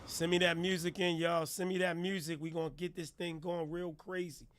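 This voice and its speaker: A middle-aged man from New Jersey hosting a live hip hop radio stream, firing off hype shout-outs in street slang. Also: a little high, flat delivery, normal speed, noisy background. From New Jersey, USA. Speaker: radio host reviewing music. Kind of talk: hype livestream radio talk.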